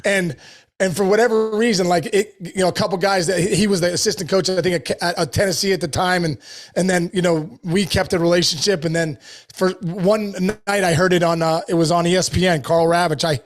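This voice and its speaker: A man, a former ballplayer, telling stories on a podcast in a loose, animated way full of "dude" and "like.". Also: high voice, brisk. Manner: animated storyteller, lots of "dude" and "like". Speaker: guest, former baseball player. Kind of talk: casual storytelling chat.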